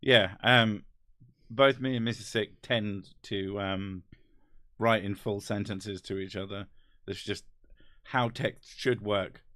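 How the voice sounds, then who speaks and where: A man's voice: lowish voice, fairly even intonation, takes it slowly, a bit bright, dry recording, studio quality. A man with an English accent, hosting a casual chat, rambling and wry with casual swearing. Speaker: host. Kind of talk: casual chat reading comments.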